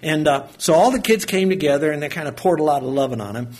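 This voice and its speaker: A middle-aged preacher tells his stories with a folksy warmth of delivery, his voice a touch husky and pitched a little high for a man. He leans into the big moments and drops low for the quiet ones, moving easily between anecdote and teaching. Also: quick pace. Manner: folksy, animated storyteller, swings from loud to soft. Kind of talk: sermon with storytelling.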